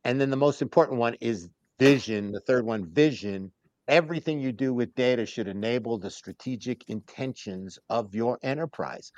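Emphatic man, crisp and dry. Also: medium pitch, no room sound. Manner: emphatic, animated, acts out other people's lines. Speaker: guest, data strategy keynote speaker. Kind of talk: casual podcast interview talk.

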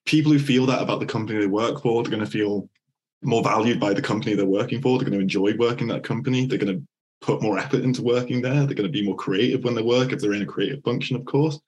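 Man, podcast host, low voice, casual rambling questions, lots of fillers. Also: fast talker, darkish tone. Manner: loose and chatty, many "like" fillers.

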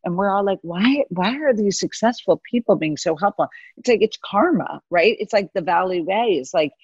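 A middle-aged woman in a casual interview, telling animated stories about her career and acting out the voices of people she quotes. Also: medium pitch, moderate pace, husky, dry recording, muffled recording. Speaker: guest, venture capitalist. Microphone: video call mic.

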